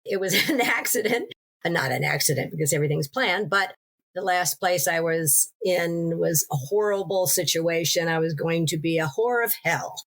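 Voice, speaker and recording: A woman, a podcast guest and author, telling her story in an interview in a lively way, with restarts. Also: lowish voice, normal speed. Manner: animated storytelling with laughs and restarts.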